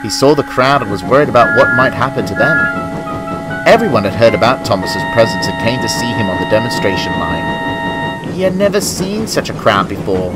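A man narrating a children's storybook tale about engines in a gentle, expressive way. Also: medium pitch, moderate pace. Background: music.

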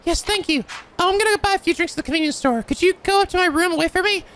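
A man voicing a naive, sweet young female college student in a girlish falsetto. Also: very fast, pushed and bright, a little hiss or hum. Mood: earnest. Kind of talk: voicing game dialogue.

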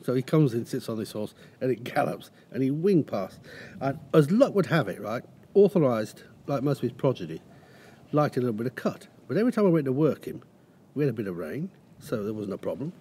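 A man's voice: mid-range voice, sing-song, brisk, mellow, slightly rough. A middle-aged man, a racehorse trainer, telling rambling anecdotes in a casual interview. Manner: rambling anecdotes with restarts and acted quotes.

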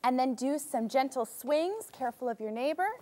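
A young woman teaching a children's music lesson, cheerfully leading warm-ups and call-and-response drills. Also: sits high, expressive, moderate pace.

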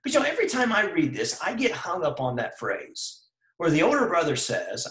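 A man's voice: on the high side, wildly swooping pitch, fairly quick, a bit bright, reverberant, low-quality recording. A man preaching an earnest sermon over a video call, calling his listeners brethren and putting questions to them. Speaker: preacher leading a devotion.

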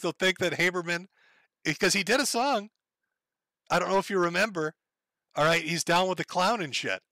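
A man's voice: sits high, sharp tone, dry recording. A man with a Minnesota accent hosting a livestream, rambling casually with profanity and laughing asides. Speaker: livestream host.

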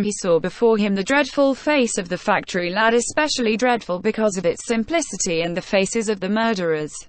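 Synthetic woman audiobook narrator, mid pitch, even measured read, dry close sound. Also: no room sound. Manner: even, measured reading that reads punctuation marks aloud.

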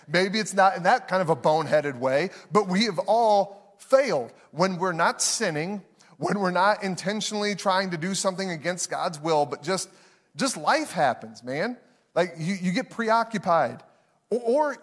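A man, preaching a sermon in a conversational, self-deprecating storytelling way to a live congregation. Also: sits high. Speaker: pastor.

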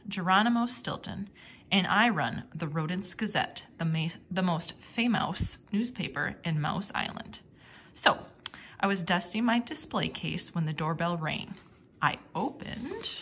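A woman reading a children's storybook aloud in an expressive, animated way. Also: medium pitch, a little hiss or hum. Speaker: storybook reader.

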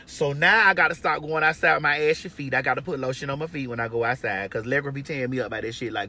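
A woman's voice: very deep voice, quick pace, few pauses, bright, forceful tone, slight background noise. A woman giving brash, profane, emphatic advice in a casual monologue from her car. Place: inside a parked or moving car.

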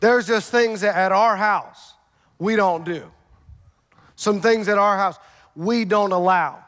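High-voiced preaching man in a reverberant hall. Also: slow. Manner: energetic preaching with rhetorical questions and humor. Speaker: pastor. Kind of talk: sermon. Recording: long reverb of a large church hall.

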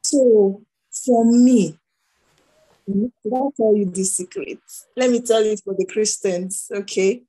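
Taking her time at a medium pitch, a middle-aged Nigerian woman tells stories as an interview guest, and the recording quality is low. An entrepreneur, she chats conversationally and animatedly acts out the dialogue.

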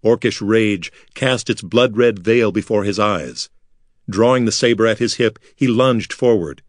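A man reads fantasy fiction aloud in a measured, dramatic manner. His voice sits on the low side and sounds dry and close. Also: no room sound. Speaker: audiobook narrator. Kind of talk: scripted narration.

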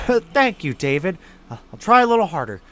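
A man voicing a gentle, shy and grateful young woman in a horror video game, with a soft, sweet delivery. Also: high-pitched, big pitch swings, moderate pace.

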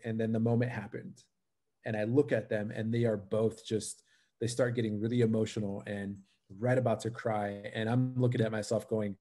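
A man's voice: lowish voice, normal speed. A man, a live wedding painter, telling a personal story on a casual interview show, acting out his own thoughts as he goes. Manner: animated storyteller, acts out his own inner voice.

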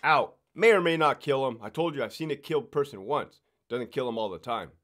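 A man in ordinary mid-range pitch who worked as a prison guard, talking shop in a loose podcast chat. He is blunt and swears freely. He checks in with his listeners by tagging his points with "right?". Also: animated, brisk, a bit bright. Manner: blunt and profane, explaining rules with lots of swearing. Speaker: former correctional officer.

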